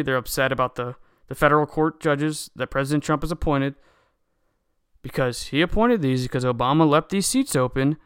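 A man's voice: on the high side, smooth, no room sound, clean studio sound. Agitated young man ranting. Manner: agitated and indignant, repeats words and restarts. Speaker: political commentator. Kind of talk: solo opinion rant.

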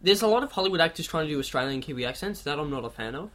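Slightly high-voiced young man bantering. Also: lively intonation, very fast, a bit bright. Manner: swearing, teasing banter. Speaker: podcast co-host. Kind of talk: casual podcast chat.

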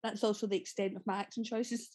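As a guest actress on a casual podcast, a Scottish woman in her thirties with a Glaswegian accent tells stories chattily, laughing often and swearing liberally. Her medium-pitched voice is husky and darkish, quick-paced, with little pitch movement.

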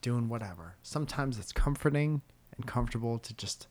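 A man's voice: medium pitch, animated, fairly quick, darkish tone. A man co-hosting a podcast, chatting casually and telling rambling, self-deprecating comic stories as a stand-up comedian. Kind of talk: casual chat.

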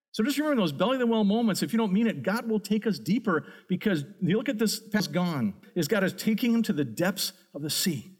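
A man preaching a sermon as a pastor, earnest and emphatic. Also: high voice.

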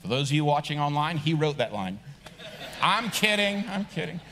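A middle-aged man preaches as pastor in a large sanctuary, his slightly high, sing-song, somewhat bright voice at normal speed. He keeps it conversational and funny before rising to emphatic points. The recording has long hall reverb plus a little hiss or hum.

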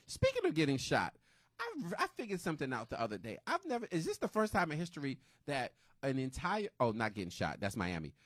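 A man co-hosting a casual radio chat, loud and joking, swearing and laughing often. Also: mid-range voice, huge pitch swings, fairly quick, no room sound, studio quality. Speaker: co-host.

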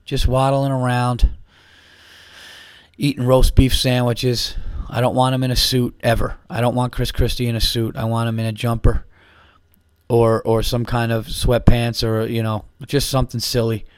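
A man's voice: mid-range voice, completely flat delivery, moderate pace, clear, resonant tone, no room sound, studio quality. A man hosting a podcast, a little buzzed, ranting profanely in a rambling casual monologue. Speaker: podcast host.

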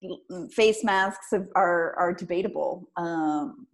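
A woman's voice: on the low side, slow. A woman speaking as a podcast guest, thoughtful and hesitant, often restarting her sentences. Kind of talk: casual conversation.

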